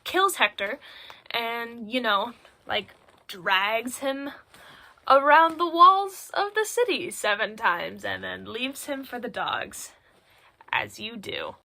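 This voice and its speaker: A woman's voice: fairly high pitch, expressive, slow pace, vocal fry, pushed and bright. A teenage girl presenting a school project on a phone recording, retelling a story in a chatty, irreverent way full of filler words. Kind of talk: casual spoken recap in slangy storytelling.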